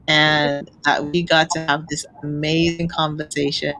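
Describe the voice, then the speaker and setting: A woman's voice: deep voice, little pitch movement, measured pace, hardly any pauses, bright, forceful tone, poor audio. A woman hosting an interview show, speaking in an effusive, emotional way. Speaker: host. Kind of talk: interview chat.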